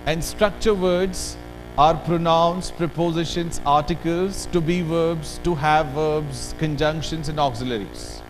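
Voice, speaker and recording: An Indian man giving an animated workshop lecture, drilling words aloud with the audience. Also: a little high, measured pace, music in the background, low-quality recording. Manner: animated, drills words aloud, code-switches into Hindi asides. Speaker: workshop trainer. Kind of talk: lively classroom workshop lecture.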